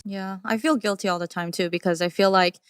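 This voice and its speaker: A woman's voice: mid-range voice, fairly even intonation, a little fast, smooth, no room sound, clean studio sound. A young woman co-hosting a podcast, chatting casually and getting emotional as she talks. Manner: emotional, talks through tears. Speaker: podcast co-host. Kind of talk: casual chat.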